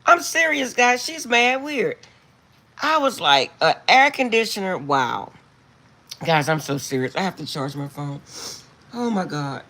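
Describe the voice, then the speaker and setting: A middle-aged woman talks casually to her viewers from home, recorded on a phone, breaking into laughter as she tells a story. Her voice sits a little low and sounds husky. Her pitch swings up and down all over the place. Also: expressive, unhurried, bright, forceful tone. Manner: laughs often while telling a story. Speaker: card reader. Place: at home, indoors.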